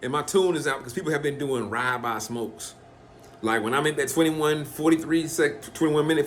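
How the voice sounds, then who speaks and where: Man, rambling profane monologue, acts out quotes, mid pitch, faint background noise. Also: fairly bright tone.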